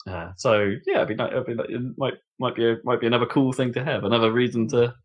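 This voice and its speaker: A man co-hosting a casual gaming podcast, chatty and quick to laugh, often trailing off and restarting. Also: mid-range voice, fairly even intonation, lo-fi sound. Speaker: podcast co-host. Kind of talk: casual chat.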